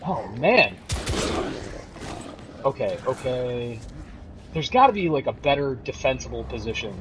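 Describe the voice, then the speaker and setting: A man's voice: medium pitch, sing-song, a little slow, noisy background. A man casually commenting while he streams a video game, joking and chatting with viewers. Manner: joking, sarcastic, talks to chat viewers.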